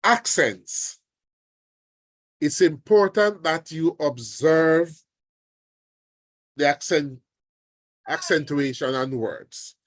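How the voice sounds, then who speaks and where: A man teaching an online exam revision lesson, deliberate and often checking in with his students. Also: on the high side, dry recording. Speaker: language teacher. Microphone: video call.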